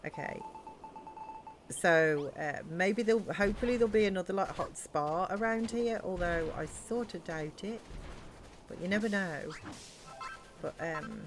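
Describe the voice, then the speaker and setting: Woman streamer, lowish voice, rambling live-game chat, faint hiss behind. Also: measured pace, pauses often. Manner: chatty, rambling, thinks aloud with many ums. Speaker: streamer playing a building game.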